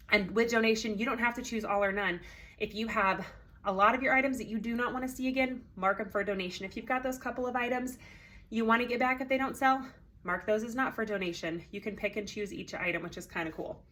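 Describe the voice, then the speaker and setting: A woman's voice: fairly high pitch, sharp tone. A woman organizing a consignment sale, talking casually to sellers, with many ums, a little congested and out of breath. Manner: chatty, friendly, many ums.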